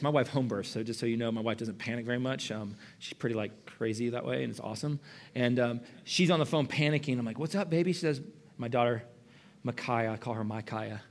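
A middle-aged man preaching a sermon in a church, moving between loud passion and hushed whispers. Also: medium pitch.

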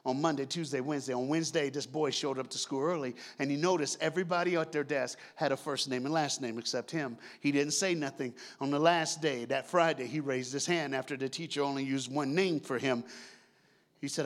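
A man's voice: medium pitch, a little fast. A male pastor telling a story in a sermon, joking and talking back and forth with the congregation. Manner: lively, jokes with the congregation. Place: church sanctuary.

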